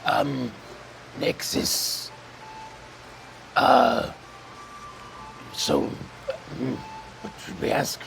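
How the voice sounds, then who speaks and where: A man in a tabletop game asks his questions haltingly, unsure what to say. His voice is heavily gravelly and he speaks very slowly, with its pitch swinging wildly. A clear hiss runs behind him. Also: very animated. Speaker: player. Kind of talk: casual game chat. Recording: clear background noise.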